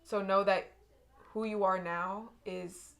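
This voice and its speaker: A woman's voice: mid-range voice, fairly even intonation, slow pace, creaky, a bit bright. A young woman giving an intuitive tarot reading to her viewers, earnest and emotional, often repeating and restarting her phrases. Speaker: tarot reader.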